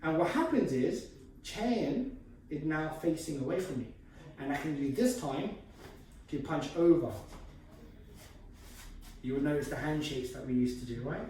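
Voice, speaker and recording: A man's voice: a little high, expressive, measured pace, pauses often, a little mellow, heavy reverb. Male instructor, demonstrating as he talks; distant mic, hollow room, faint noise. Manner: explanatory, moving while demonstrating. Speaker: martial arts instructor. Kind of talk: demonstrating martial arts technique.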